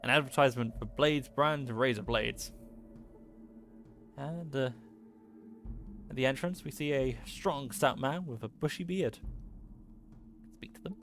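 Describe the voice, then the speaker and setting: Halting man narrating a game playthrough. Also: medium pitch, a bit bright, faint music behind. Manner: halting, many fillers, reads text aloud. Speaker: let's play host.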